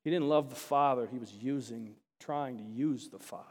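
A male pastor preaching a sermon, swinging between loud emphasis and hushed asides, often putting questions to the congregation. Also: medium pitch, normal speed. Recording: long reverb of a large hall.

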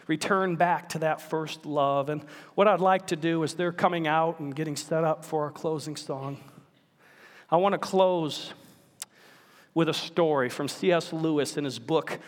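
In a sanctuary washed with long reverb, a male pastor preaches a sermon in a high, urgent voice. He swings from hushed storytelling to emphatic appeals to his congregation.

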